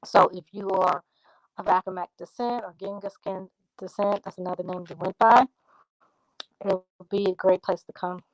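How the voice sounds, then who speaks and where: A woman chats on a livestream, reading out her viewers' comments and answering each one. Her talk is loose and unhurried, drifting into a country drawl. The sound is dry and close, with no room around her. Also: mid-range voice, steady tone, dry recording, rough recording. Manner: talks straight to viewers, reads out comments and answers them. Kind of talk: casual livestream chat.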